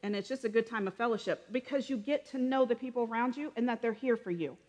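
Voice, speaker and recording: A woman's voice: fairly high pitch, quick pace. Chatty woman leading church announcements. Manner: warm, chatty, frequent amens. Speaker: church leader. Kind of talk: church service announcements and prayer.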